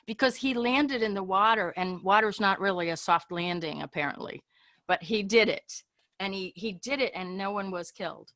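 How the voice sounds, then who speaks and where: A woman's voice: medium pitch, normal speed, a bit bright. A woman teaching an online English class, talking in a chatty, informal way and often trailing off and restarting.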